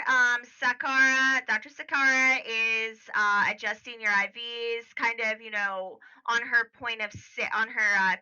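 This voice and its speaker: A woman narrating as game master of a tabletop game, pausing often with fillers. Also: a little high, bright, forceful tone, clear, resonant tone, lo-fi sound. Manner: halting, full of fillers.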